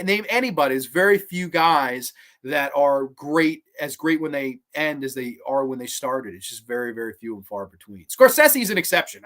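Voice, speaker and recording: A man's voice: on the high side, fairly bright tone. Rambling, foul-mouthed young man. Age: young adult. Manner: rambling, heavily profane, many restarts. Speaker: livestream host. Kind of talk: casual livestream chat reading comments.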